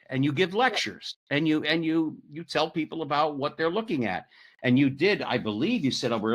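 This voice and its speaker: A man's voice: medium pitch, fairly bright tone. Older guy hosting a podcast, chatty, goes off on his own stories mid question. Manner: chatty, rambling questions with personal asides. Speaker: podcast host. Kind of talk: conversational interview.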